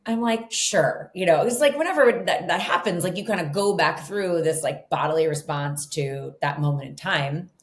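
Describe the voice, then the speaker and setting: A woman's voice: deep voice, moderate pace, hardly any pauses. Chatty woman in an echoey room. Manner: chatty, animated, lots of "like" and "you know". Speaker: guest author. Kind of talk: casual interview storytelling.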